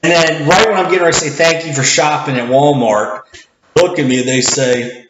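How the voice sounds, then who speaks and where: A man with a loud, projecting voice rambles through casual vlog commentary, stumbling over restarts and acting out the greetings he gives at the register. He sits well back from the camera mic, so his voice comes across roomy and a bit dull and lo-fi, with a faint hiss behind it. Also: on the high side, moderate pace. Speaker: cashier. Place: indoor room, seated back from the camera. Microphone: camera mic at some distance. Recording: echoey room, dull lo-fi sound, faint noise.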